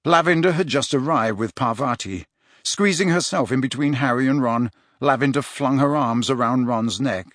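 An audiobook narrator reads a novel aloud in a mid-range voice, with measured, expressive storytelling from a script. The studio-quality recording is dry.

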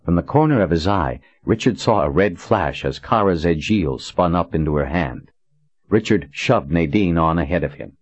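A man narrating an audiobook in a steady, even reading. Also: sits low, moderate pace. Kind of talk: scripted narration. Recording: dull dry recording.

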